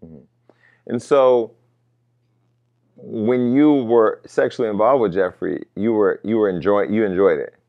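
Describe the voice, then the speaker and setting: A man's voice: fairly low pitch, a little slow, pauses often. A male interview host who asks direct, probing questions. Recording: dull lo-fi sound.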